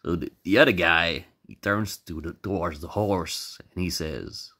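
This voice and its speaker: A man's voice: sits low, a little slow, few pauses, sharp tone. A man telling a comic story casually, rambling, swearing and repeating words.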